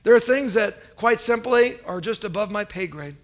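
A pastor in his thirties delivers a sermon, his voice sitting noticeably high for a man. He tells stories in an animated, conversational way, dropping in asides as he goes. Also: normal speed.

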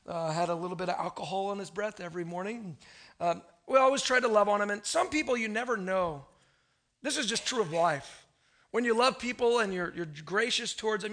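A man's voice: high voice, fairly bright tone. A male pastor preaching a sermon in a conversational, storytelling way, often asking the room questions.

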